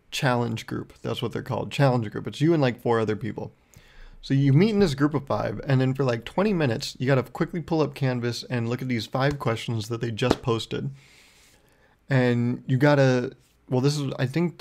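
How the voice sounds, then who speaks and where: A man's voice: mid-range voice, vocal fry, darkish tone. A young man hosting his own podcast, telling a rambling, profane story in a casual monologue. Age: young adult. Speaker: podcast host.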